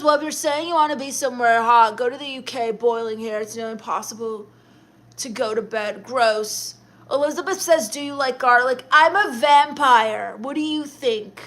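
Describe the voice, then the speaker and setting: A young woman hosting a livestream, reading viewer comments aloud in a deadpan, dismissive, sarcastic comedic manner. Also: sits high. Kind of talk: in-character comedic livestream chat.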